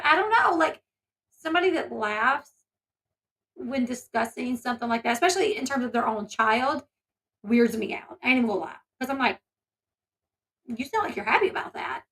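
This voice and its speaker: A woman with a high, bright voice talks through a commentary video. Her delivery rambles and turns emphatic and indignant, full of asides to her viewers. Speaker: commentary channel host; mother. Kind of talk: casual commentary.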